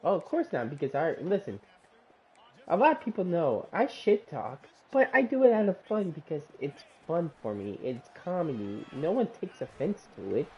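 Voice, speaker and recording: A woman's voice: low voice, big pitch swings, normal speed. Brash trash-talking woman on dull voice chat. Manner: brash, defiant trash talk with swearing. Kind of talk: casual chat.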